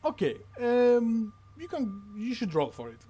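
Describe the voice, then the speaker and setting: A man's voice: extremely high pitch, huge pitch swings, measured pace, mellow, husky. A man narrating as game master, rambling through details with many fillers and asides.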